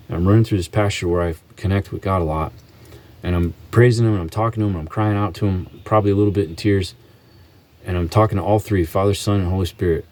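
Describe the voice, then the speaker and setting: A man vlogging an earnest faith testimony, halting often and restarting his sentences. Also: low-pitched, a little mellow.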